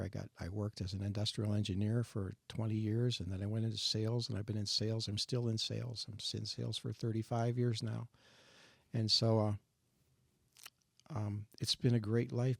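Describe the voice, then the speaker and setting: An older man in his sixties shares his personal testimony in a faith discussion, earnest and reflective, halting now and then to restart a thought. His low voice carries a gravelly edge. The recording is dry and close, with little room sound. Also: darkish tone, dry recording. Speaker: guest sharing his testimony.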